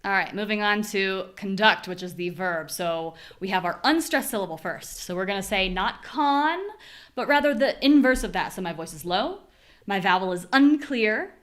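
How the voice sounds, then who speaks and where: A young woman with an American accent leads a live online pronunciation lesson. She explains word stress plainly and demonstrates each syllable with careful, deliberate repetition. Her voice sits at a middling pitch. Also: animated, fairly bright tone. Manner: clear, demonstrative, repeats syllables slowly for drills. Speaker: pronunciation teacher.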